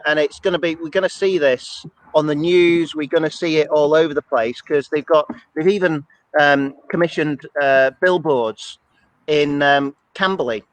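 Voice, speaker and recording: A man's voice: on the high side, dry recording, low-quality recording. A man co-hosting a church's weekly show, chatting casually and rambling along in a self-deprecating way. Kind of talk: casual chat.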